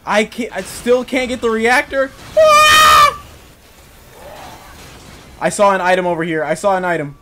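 Excitable young man doing game commentary. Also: sits high, a little fast, hardly any pauses, background noise. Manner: jokey, excitable, yells when startled. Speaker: gaming YouTuber. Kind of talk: let's play commentary.

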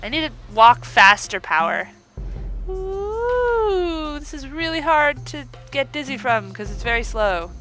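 A woman's voice: on the high side, animated, moderate pace, hardly any pauses, bright, forceful tone, soft background music, rough recording. A woman hosting a let's play, giving bubbly, chatty commentary and talking to the game as she plays. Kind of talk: casual gameplay commentary.

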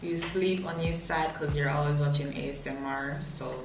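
A woman in a casual quiz chat, soft-spoken with brief answers. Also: low voice, steady tone, moderate pace. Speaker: quiz contestant. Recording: very echoey, distant, loud noise.

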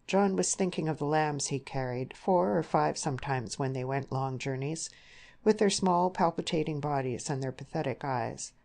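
A woman narrating an audiobook novel in a measured, even reading. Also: sits low, gravelly. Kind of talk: scripted narration.

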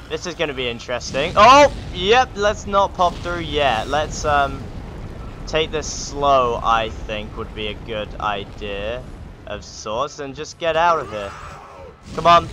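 A man's voice: on the high side, expressive, slow, pushed and bright. A man hosting a gaming channel, giving joking, sarcastic let's play commentary. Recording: game sound noise behind the voice.

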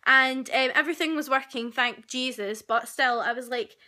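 Young woman vlogger, high and bright, animated gossipy storytelling, handheld camera at home. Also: moderate pace, few pauses. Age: young adult. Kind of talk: casual chatty vlog. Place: at home, indoors.

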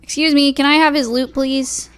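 A woman's voice: sits high, steady tone, moderate pace. A young woman streaming a shooter game, chatting anxiously to her viewers and repeating herself as she plays. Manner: anxious, repetitive, talking to chat while playing. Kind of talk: live gaming commentary.

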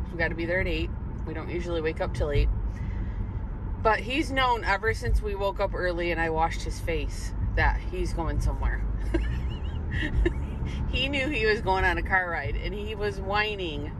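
Brief: middle-aged woman, chatty pet vlogger, mid-pitched voice, audible car noise behind her. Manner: chatty, rambling, coos at her dog in baby talk. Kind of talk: casual chat to camera. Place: in a car on the way to the vet. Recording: noisy car recording. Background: car road noise.

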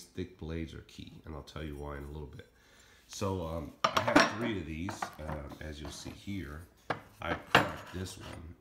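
A middle-aged man casually showing and reviewing his throwing knives, rambling with lots of ums. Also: low-pitched. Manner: rambling, many ums, talks fast and plainly. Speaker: knife-throwing hobbyist reviewing his blades. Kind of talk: casual show-and-tell vlog. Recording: echoey room with faint noise.

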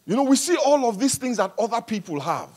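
High-voiced pastor preaching a sermon. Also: male voice, a little fast. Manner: animated and humorous, swings between quiet and loud. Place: church service.

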